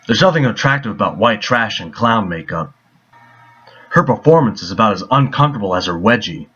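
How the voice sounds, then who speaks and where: A man's voice: fairly low pitch, animated, a little fast, sharp tone, breathy edge. A man reading a scripted film review in a sarcastic, mocking tone. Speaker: movie reviewer. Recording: dull lo-fi voice.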